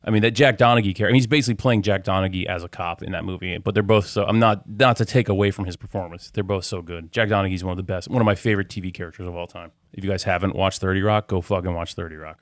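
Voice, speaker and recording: A man's voice: sits low, steady tone, very fast, few pauses, dry recording, clean studio sound. A young man hosting a casual movie podcast, swearing freely and laughing often. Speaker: podcast host.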